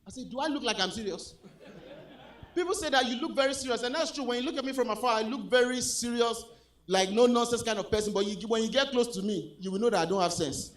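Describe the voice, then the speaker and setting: A Nigerian man with a Nigerian accent doing a stand-up comedy set on stage, animated, swinging between loud punchlines and low asides. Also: fast. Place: comedy club stage with a live audience.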